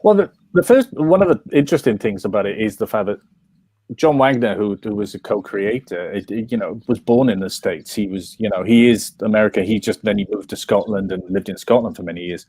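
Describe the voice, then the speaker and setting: A Welsh comics writer talks in an interview, rambling with lots of restarts and fillers. His voice sits on the low side, darkish and slightly rough, and he speaks briskly with no echo.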